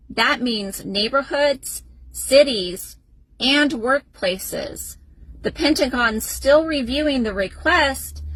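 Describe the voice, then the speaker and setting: Female news reader, slow and emphatic, dry close sound. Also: on the high side, fairly bright tone, husky, no echo, rough recording. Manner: deliberate, emphatic news reading. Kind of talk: scripted social media news update.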